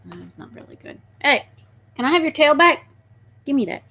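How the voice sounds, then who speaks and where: A woman chatting casually on a live stream while hushing and soothing a restless pet snake, describing it with lots of "like.". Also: sits high, very animated, normal speed. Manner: hushes and soothes a pet snake in soft murmurs. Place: at home at her desk.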